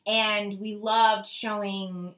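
A woman's voice: medium pitch, level tone, extremely slow, a bit bright. Bubbly woman co-hosting a travel podcast. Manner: bubbly, laughs often, enthusiastic. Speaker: podcast co-host. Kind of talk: casual travel podcast chat.

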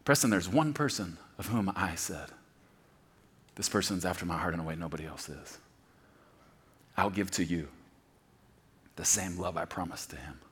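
A middle-aged man preaching a sermon, swinging between loud emphatic declarations and hushed near-whispers. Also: sits low, moderate pace, pauses often, breathy edge. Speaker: pastor.

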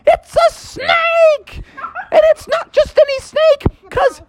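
Man voicing a young girl frog: very high, shrill, shrieking. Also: fairly even intonation, brisk, heavy background noise. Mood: panicked.

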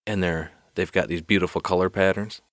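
A man voicing a panicky male reporter who pleads in a flustered, higher voice in a spoken joke. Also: fairly even intonation, fairly quick, no room sound, studio quality.

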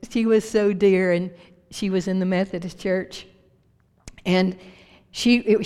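Woman, pastor, sermon, emphatic preaching, mid-pitched voice, long church-hall reverb. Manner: emphatic preaching with big rises and drops in pitch and loudness. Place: church sanctuary.

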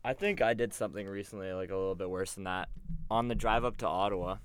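A man's voice: low-pitched, fast talker, clear, resonant tone. A young man, telling a story on a casual podcast, acting out the quotes and swearing freely. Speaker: podcast co-host.

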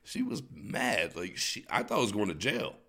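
A man's voice: on the low side, huge pitch swings, normal speed, vocal fry, pushed and bright, husky. A man co-hosting a podcast, telling a crude, profanity-laden story in casual chat. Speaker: podcast co-host.

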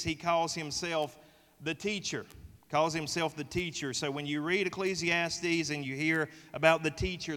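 This pastor, a man with a Southern US accent and a slightly high, pushed, bright voice, delivers a folksy, joking sermon while polling his congregation. The church sanctuary gives the recording a long hall reverb.

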